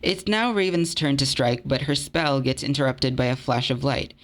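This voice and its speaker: A man's voice: mid-range voice, animated, normal speed, a bit bright. A young man narrating a video essay in an earnest, conversational, slightly self-deprecating way. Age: young adult.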